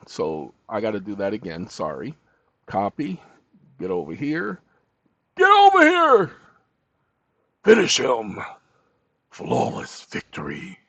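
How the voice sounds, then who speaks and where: A man hosts a screen-recorded tutorial, reading prompts aloud and saying each comma and period. His voice sits at an ordinary middle pitch, heard through a dull, lo-fi recording with no room echo. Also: a little mellow. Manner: dictates punctuation aloud between loose asides. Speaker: channel host.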